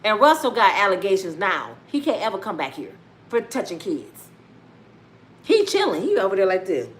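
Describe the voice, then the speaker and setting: A woman giving casual, profane celebrity gossip commentary in a loud, animated way. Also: mid-range voice, moderate pace, a little hiss or hum. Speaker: vlogger.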